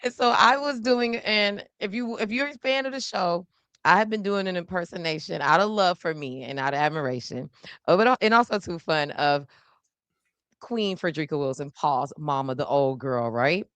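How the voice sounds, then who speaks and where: A woman hosts a political podcast from a studio, talking in a loose, casual way and laughing between thoughts. Her voice is bright and forceful with a dry, close sound. She jumps quickly between asides. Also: fairly low pitch, clean tone, no echo. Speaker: podcast host and journalist. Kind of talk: casual chat.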